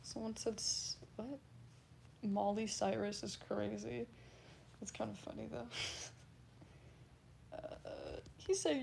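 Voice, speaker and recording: A woman's voice: mid-range voice, fairly even intonation, measured pace, creaky, long pauses, a little mellow, a little hiss or hum. A woman livestreamer casually reading and answering chat, blunt and laughing, swearing freely.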